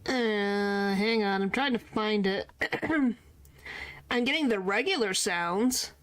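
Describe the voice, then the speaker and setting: Unhurried woman streamer chatting with her viewers. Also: mid-range voice, fairly bright tone. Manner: chatty, playfully complaining to chat. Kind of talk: casual live-stream chat.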